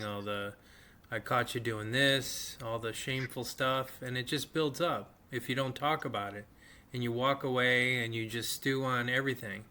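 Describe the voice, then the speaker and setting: Man, podcast host, bright forceful voice, calm, blunt advice. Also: medium pitch. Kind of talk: casual advice chat.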